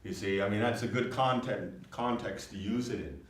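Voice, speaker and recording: A man teaches a language class in a lively way, explaining patiently and often checking that his students follow. His voice is fairly low at a moderate pace. Picked up from far off in an echoey room, the recording has slight background noise.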